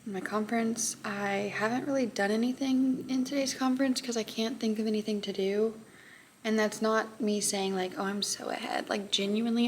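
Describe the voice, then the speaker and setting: A tired young woman with a Texan accent, a high school math teacher chatting casually in a vlog and often dropping to a whisper. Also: fairly even intonation, normal speed, slight background noise.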